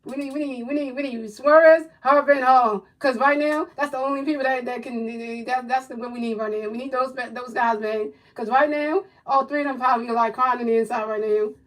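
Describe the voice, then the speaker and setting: A woman with a slightly high voice calls a ballgame pitch by pitch in a loose, casual livestream manner. She repeats the same call patterns and often breaks off into frustrated rants about the team. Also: steady tone, fairly quick, few pauses, low-quality recording. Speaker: livestream commentator. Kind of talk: casual play-by-play commentary.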